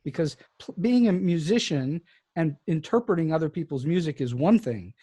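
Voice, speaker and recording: A man's voice: on the high side, animated, normal speed, mellow, slightly rough. A man hosting a podcast interview, thoughtful and affirming as he asks questions and shares his views. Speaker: podcast host. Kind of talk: conversational interview.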